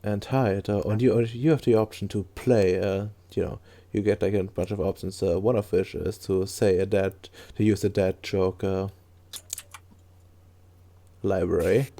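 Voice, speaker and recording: A man's voice: deep voice, steady tone, unhurried, dark tone. A man running a tabletop game as game master, describing things in a rambling way full of fillers.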